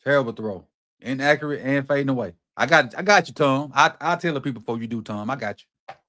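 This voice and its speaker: A middle-aged man hosting a watch party, calling plays live with excited, slangy reactions. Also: mid-range voice, fast talker. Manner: excited, animated play-by-play reactions with Southern slang. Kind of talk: live football watch-along commentary.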